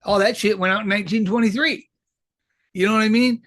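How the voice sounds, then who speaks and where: A man's voice: high voice, steady tone, brisk, fairly bright tone, no room sound, clean studio sound. A man who was recently paroled, giving casual, rambling commentary full of swearing and street slang. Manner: rambling, profane street talk. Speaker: formerly incarcerated commentator.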